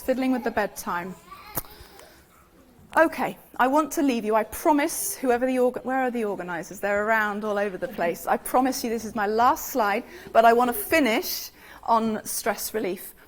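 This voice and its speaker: A woman's voice: fairly high pitch, moderate pace. Chatty British woman lecturing an audience. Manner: chatty, asks the audience questions. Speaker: speaker giving a talk on infant sleep.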